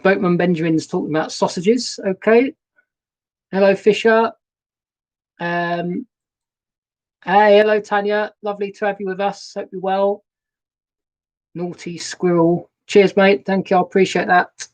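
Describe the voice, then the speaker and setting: A man's voice: high voice, fairly even intonation, a little slow, pauses often, low-quality recording. Male host, casual live-stream chat from a boat cabin; easygoing, rambling, greets viewers by name; laptop webcam audio. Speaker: narrowboat vlogger hosting a live stream. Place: narrowboat cabin. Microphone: laptop webcam and new microphone.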